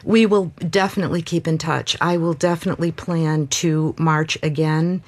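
A middle-aged woman talks as a guest on an interview show. Her voice sits a little low, and her speech is chatty and animated, full of restarts. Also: moderate pace. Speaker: guest, descendant of a historical family. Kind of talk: casual interview chat.

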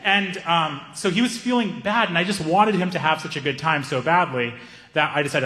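A man telling a stand-up story, animated, acting out the people in it. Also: a little high, brisk. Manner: animated, acts out characters. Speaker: stand-up comedian. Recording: echoey hall reverb.

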